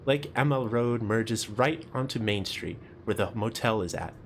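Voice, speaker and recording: A man's voice: lowish voice, moderate pace, a little hiss or hum. A young man reading a visual novel aloud in first person, with casual, chatty asides.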